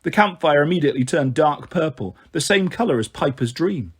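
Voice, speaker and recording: A man reading a fantasy novel aloud as narration, slowing down for the verse lines. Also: a little high, expressive, slightly rough. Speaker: audiobook reader. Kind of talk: storybook narration with light character voices.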